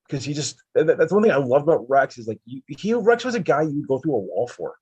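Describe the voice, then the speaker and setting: A man's voice: fairly high pitch, wildly swooping pitch, moderate pace, a little mellow, husky, no echo, dull audio. A man who used to cover sports, chatting casually and rambling with lots of fillers. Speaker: podcast guest, former sports reporter.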